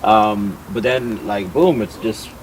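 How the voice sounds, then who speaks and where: A man's voice: lowish voice, slow pace, a little hiss or hum, low-quality recording. A man hosting a podcast, interviewing in a casual, hesitant way with many fillers. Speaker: podcast host.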